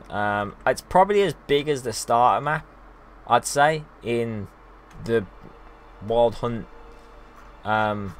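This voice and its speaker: A man's voice: mid-range voice, fairly bright tone, a little hiss or hum. A young man from the UK giving casual let's-play commentary as a streamer, rambling and exclamatory with lots of ums. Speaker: gaming streamer.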